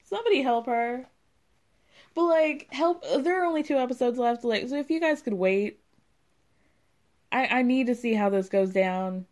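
A young woman recapping a reality show in a casual, animated way, swearing freely and laughing often. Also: fairly high pitch, moderate pace, long pauses.

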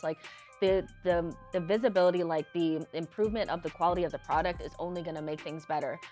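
A woman's voice: fairly low pitch, flat delivery, fairly quick, darkish tone, soft background music. A woman co-hosting a soccer podcast, talking casually with fillers and restarts. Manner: rambling, many fillers and restarts. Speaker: podcast co-host. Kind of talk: casual opinion chat.

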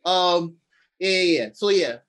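A man with a slightly high voice talks through an episode in a relaxed, offhand way. He swears freely and keeps slipping into quick acted-out lines for the characters. His pitch jumps up when something excites him. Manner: loose and profane, acts out characters in quick paraphrase; animated pitch swings, excitable. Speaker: podcast co-host recapping episodes. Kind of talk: casual chat.

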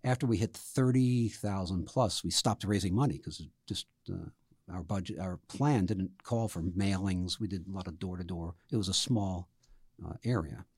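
Husky-voiced man telling campaign stories. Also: deep voice, moderate pace, no room sound, clean studio sound. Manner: storytelling, animated anecdotes with voiced quotes. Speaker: interview guest, campaign trainer. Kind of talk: conversational interview.

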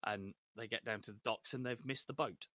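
A man co-hosting a casual podcast, animated as he recaps a TV episode and acts out lines. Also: fairly low pitch, fairly quick, dry recording. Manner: animated, acts out characters' lines when retelling. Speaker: podcast co-host.

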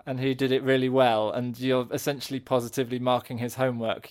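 A man's voice: mid-range voice, level tone, quick pace, few pauses, darkish tone. A man in casual podcast chat, thinking aloud and searching for his words. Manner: thoughtful, searching for words, many restarts.

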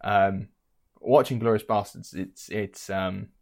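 Podcast guy getting excited retelling movie scenes, swears now and then. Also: on the low side, slow pace, gravelly. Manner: animated, acts out film scenes, swears. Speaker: podcast co-host. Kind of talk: casual chat.

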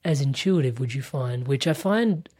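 A man hosting an interview as a purpose coach, talking in a rambling, animated way, often laughing. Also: medium pitch, normal speed, breathy edge. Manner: animated, laughs often, acts out quoted voices; rambling with many fillers and restarts. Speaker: podcast host and purpose coach. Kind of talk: casual conversational interview.

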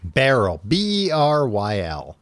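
A man's voice: medium pitch, huge pitch swings, no echo. Laid-back male podcast host, drawling story recap, dry room. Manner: loose, rambling, full of "like" and quick character asides. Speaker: podcast host retelling a book. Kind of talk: casual chat, paraphrasing the story.

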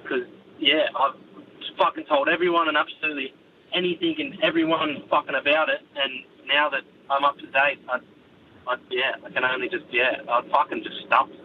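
A man's voice: medium pitch, little pitch movement, moderate pace, narrow, tinny audio, slight background noise. A man leaving a rambling, sweary message while driving. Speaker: caller. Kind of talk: phoned-in voice message. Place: driving in a vehicle.

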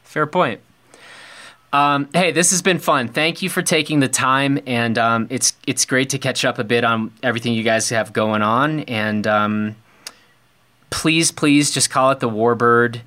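A male podcast host with a mid-range voice and a bright, clear tone. He keeps the conversation loose and teasing, trading jokes with his guest before signing off. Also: mid-range voice, a little slow. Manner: friendly, joking banter. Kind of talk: casual interview conversation.

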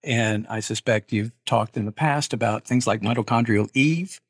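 A middle-aged man, an archaeologist, answering interview questions in a measured, explanatory way with hedging asides. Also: medium pitch, breathy edge, no echo, studio quality. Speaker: archaeologist guest.

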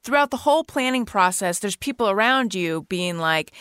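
A woman's voice: high-pitched, very animated, normal speed, hardly any pauses, a bit bright, no echo, clean studio sound. A woman hosting a casual podcast chat who listens, sympathizes and relates her own experience. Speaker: podcast host.

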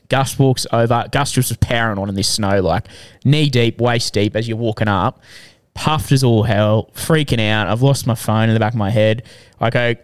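A young Australian man co-hosting a casual podcast, telling a lively anecdote with plenty of swearing and acted-out quotes. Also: mid-range voice, moderate pace, smooth. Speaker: podcast co-host. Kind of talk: casual storytelling chat.

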